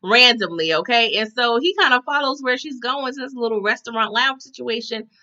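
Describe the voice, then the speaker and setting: A woman's voice: a little high, a little fast, pushed and bright, dull audio. A woman recapping a TV episode in casual chat, often tagging her sentences with "okay?". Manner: chatty, tags lines with "okay?".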